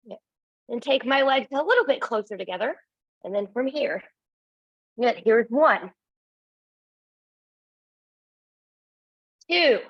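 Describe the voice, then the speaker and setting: A woman's voice: on the high side, no echo, highs cut off. A woman instructor guiding a Pilates class, counting reps and giving encouraging cues, a little out of breath. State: slightly out of breath.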